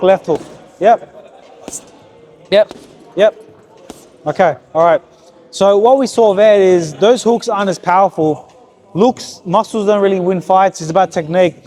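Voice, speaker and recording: A man's voice: sits high, a little mellow. A man coaching a young boxer at a heavy bag, giving short, repeated, encouraging cues. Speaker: boxing coach. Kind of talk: hands-on coaching session. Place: boxing gym with heavy bag.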